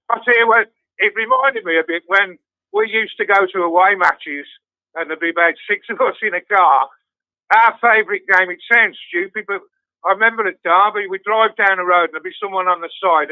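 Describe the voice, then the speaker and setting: Older guy swearing his way through footy stories, highish voice, tinny dry phone sound. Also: expressive, moderate pace, no room sound. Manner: swears constantly, storytelling with laughs. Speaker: guest fan. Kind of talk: casual chat.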